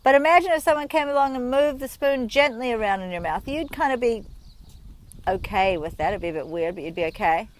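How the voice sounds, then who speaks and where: A woman with a somewhat high voice and lively intonation teaches while riding outdoors at a rural horse yard, talking a little quickly. She's a riding instructor who explains in a chatty, friendly style with everyday examples.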